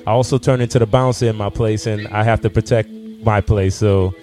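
A man, a shop owner telling animated stories in casual conversation, stumbling and restarting often. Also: fairly low pitch, fairly quick, faint music behind. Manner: animated anecdotes with repeated restarts. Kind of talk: casual storytelling.

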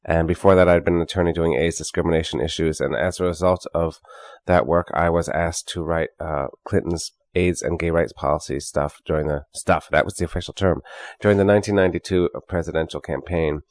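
A middle-aged man, a singer in a drag a cappella group, trading deadpan bawdy wisecracks in a radio interview. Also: sits low, brisk, no room sound, studio quality.

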